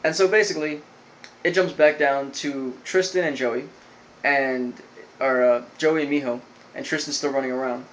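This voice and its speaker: A man's voice: medium pitch, steady tone, moderate pace, a bit bright, slight background noise, rough recording. A young man giving a casual, rambling recap of a cartoon episode, full of fillers and "like". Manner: rambling, filler-heavy storytelling with lots of "like". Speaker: video reviewer.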